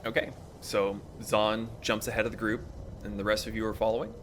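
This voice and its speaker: A man running a tabletop game as game master, narrating calmly, on a hissy home mic. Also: fairly low pitch, a little fast.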